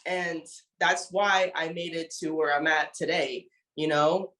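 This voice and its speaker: A woman's voice: low voice, steady tone, unhurried, pushed and bright, roomy sound. A woman giving a heartfelt, motivational testimony as a network marketing leader, emotional and leaning often on "you know.".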